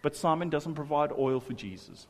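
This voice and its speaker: A man's voice: on the high side, expressive, normal speed, long reverb tail. A man preaching a sermon in church, joking and chatting with many asides. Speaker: pastor.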